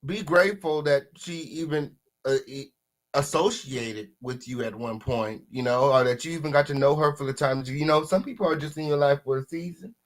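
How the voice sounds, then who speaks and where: This brisk male host runs a reaction commentary on a diss track. Animated and full of sass, he jumps from loud outbursts to murmurs while asking viewers to vote in the chat.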